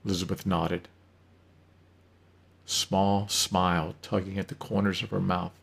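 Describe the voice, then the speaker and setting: A man narrating a story in an unhurried reading, with occasional slips. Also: low voice, little pitch movement, gravelly, fairly bright tone.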